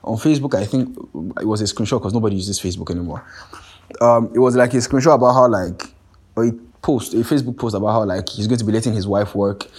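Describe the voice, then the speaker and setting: A young man with a Nigerian accent, hosting a podcast in a casual, animated, profane monologue. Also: on the low side, fast talker, husky. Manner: animated and profane, keeps asking "you get what I'm saying". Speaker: podcast host.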